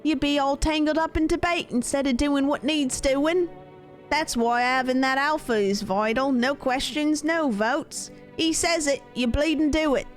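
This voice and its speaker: A woman's voice: sits high, a little slow, soft background music, pitched above the performer's own voice. A woman voicing a ruthless male pack leader in a game, preaching in a shaky attempted British accent. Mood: preachy.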